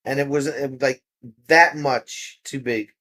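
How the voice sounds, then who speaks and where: A man's voice: mid-range voice, steady tone, a little slow, sharp tone. A man hosting a casual livestream, chatting with viewers and teasing them playfully. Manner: playful, teasing, jumps from topic to topic. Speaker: livestream host. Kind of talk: casual live chat, answering viewers.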